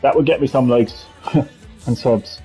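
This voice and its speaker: A man's voice: mid-range voice, slow pace, dark tone, husky, faint music behind, low-quality recording. An Irish man giving casual, rambling gameplay commentary while answering chat as a streamer. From Ireland. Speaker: gaming streamer.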